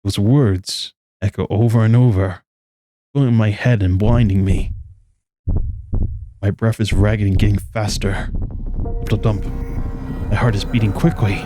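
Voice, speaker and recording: A man's voice: on the low side, fairly even intonation, measured pace, long pauses, music in the background, lightly acted. A man reading aloud the earnest, trembling inner monologue of an anxious, lovesick young male student from a game.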